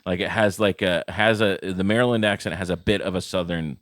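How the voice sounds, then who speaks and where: A man's voice: low voice, steady tone, fairly quick, a bit bright, no room sound, studio quality. A man co-hosting a comedy podcast, talking in a rambling, casual way with many restarts. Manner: rambling, loose, full of restarts and fillers. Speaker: podcast co-host. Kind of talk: casual chat.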